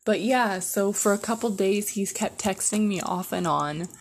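A woman's voice: medium pitch, normal speed, slight background noise. A young woman casually telling a personal story as a podcast host, chatty and profane, with lots of "like". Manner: chatty, filler-heavy with constant "like", profane.

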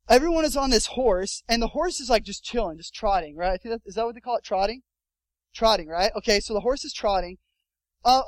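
A young adult man preaching a sermon as pastor, telling a story with lively acted-out quotes. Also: extremely high pitch, dry recording, poor audio.

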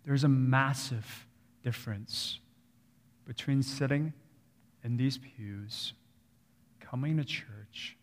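Pastor, man, 30s; slow, conversational sermon delivery with repetition and dynamic swings; reverberant church room. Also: medium pitch, steady tone. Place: church sanctuary.

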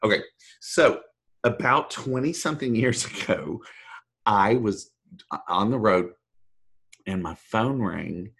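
Middle-aged man, animated rambling storyteller, acts out quoted voices, low voice, husky. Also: takes it slowly, long pauses. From Texas. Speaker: voice actor guest. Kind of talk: storytelling anecdote.

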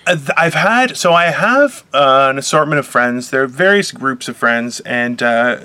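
A man's voice: mid-range voice, lively intonation, measured pace, bright, forceful tone, clean tone. A male comedian in casual chat, talking bluntly and profanely with mock-stern declarations.

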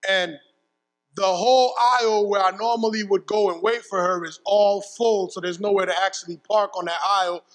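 Male preacher, high-pitched, animated storyteller at the pulpit, casual and slangy. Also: moderate pace, big-room sound, poor audio. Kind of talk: sermon with a personal story. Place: church pulpit.

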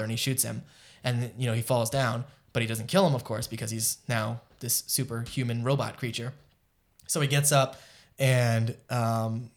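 A man co-hosting an anime podcast, retelling episodes in casual chat with many fillers and asides. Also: medium pitch. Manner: rambling, lots of fillers and asides, distracted by live chat. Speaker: podcast co-host.

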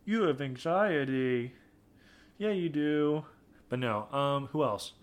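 A man's voice: medium pitch, slow pace, clear, resonant tone. Joking young man hosting a chat. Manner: joking, laughs often, playful sing-song riffs. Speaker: podcast host. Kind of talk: casual chat.

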